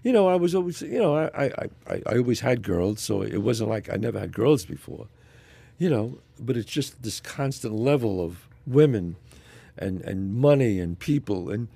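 A middle-aged man, a podcast guest, telling stories in a casual chat, animated and often restarting his sentences. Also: medium pitch, normal speed, vocal fry, breathy edge, no echo. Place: podcast studio.

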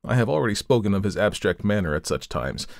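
Male podcast narrator, lower voice, dry close sound, measured formal reading of a classic tale. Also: big pitch swings, vocal fry, dry recording. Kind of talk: scripted narration of a classic story.

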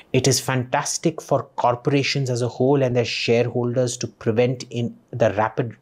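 A man's voice: mid-range voice, darkish tone, slightly rough. A man, a podcast guest talking in a blunt, scornful and profane way. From India. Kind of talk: opinionated conversation.

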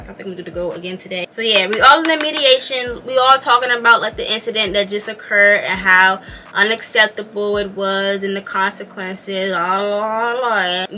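A young woman telling a story to her viewers while doing her makeup, animated and slangy, often calling out to them as y'all. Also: mid-range voice, a little hiss or hum. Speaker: vlogger.

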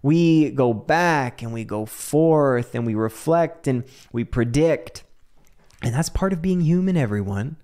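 A man's voice: medium pitch, lively intonation, a little slow, a little mellow. A man hosting a solo podcast, talking casually and animatedly, laughing often and swearing now and then. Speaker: podcast host.

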